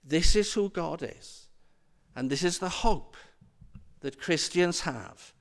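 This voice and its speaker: A man's voice: sits high, expressive, slow, creaky. A man preaching a sermon in an earnest, emphatic way, driving points home through repetition. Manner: earnest, emphatic, repeating phrases for weight.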